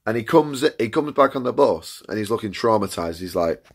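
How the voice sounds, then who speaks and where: A young man telling a casual storytime anecdote, animated, acting out his friends' lines and laughing at his own tale. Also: fairly low pitch, brisk, breathy edge.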